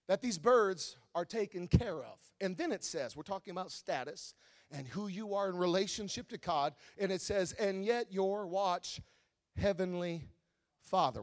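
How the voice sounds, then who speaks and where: A male pastor from Wisconsin, preaching a sermon that swings between quiet teaching and loud, shouted exhortation. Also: high voice.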